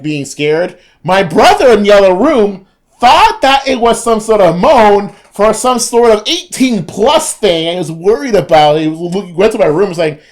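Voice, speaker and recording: A casual gaming creator talks through viewer comments at a home microphone. The speech rambles, full of restarts, and the pitch jumps up when excitement hits. The voice sits mid-pitch.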